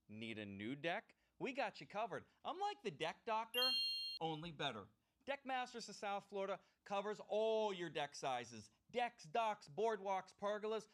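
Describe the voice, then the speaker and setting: An upbeat deck contractor pitching his services in a comic ad, as a man plays him. His voice sits high and leaps up and down with every line of his sales patter. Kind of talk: comic radio ad.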